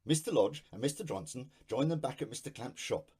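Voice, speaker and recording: A man's voice: mid-range voice, lively intonation, fairly quick, dark tone, a little hiss or hum. A man giving wry, satirical storybook narration.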